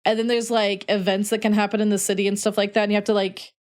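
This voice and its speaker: A woman's voice: mid-range voice, flat delivery, fast, darkish tone. Chatty young woman streamer. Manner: chatty, rambling, heavy "like" fillers. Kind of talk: casual storytelling while playing.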